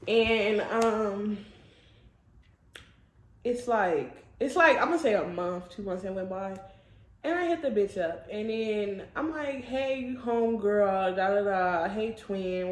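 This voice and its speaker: A woman's voice: medium pitch, expressive, measured pace. A young woman vlogger telling a casual storytime, blunt and profane, laughing often. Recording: echoey room.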